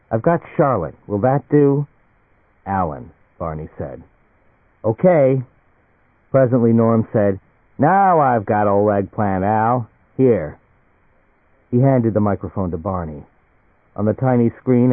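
Man, audiobook narration, measured even delivery, lowish voice, tinny phone-like audio. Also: dry recording. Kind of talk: scripted narration.

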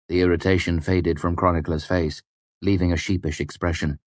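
A man narrating an audiobook chapter in a measured, even storytelling manner. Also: low-pitched, dry recording.

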